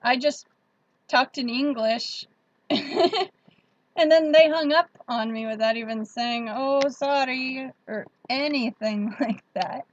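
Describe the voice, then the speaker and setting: A woman's voice: fairly high pitch, lo-fi sound. A woman hosting a casual livestream, chatting with viewers and laughing often. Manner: chatty, laughs often, reads out chat comments. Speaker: livestream host.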